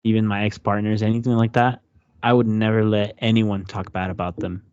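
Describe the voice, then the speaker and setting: A young man co-hosts a relaxed podcast chat, pausing and restarting as he hunts for the right words. His voice sits fairly low. The sound is dry and a bit lo-fi. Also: smooth, dry recording. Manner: laid-back, halting, searches for words. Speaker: podcast co-host. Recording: dry, slightly dull lo-fi audio.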